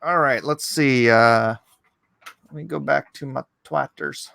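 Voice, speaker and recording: A man hosting a casual livestream, animated and jokey, reading chat and bantering with his co-host. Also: medium pitch, a little slow, gravelly, no echo. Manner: animated and jokey, breaks into laughs.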